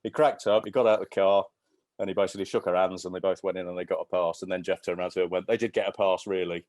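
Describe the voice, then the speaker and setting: A man's voice: low voice, level tone, rapid-fire, a little mellow, dry recording. A man in his fifties, a podcast guest, telling anecdotes in a rambling, casual way with lots of restarts. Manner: rambling, with many restarts and fillers. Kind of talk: casual storytelling chat.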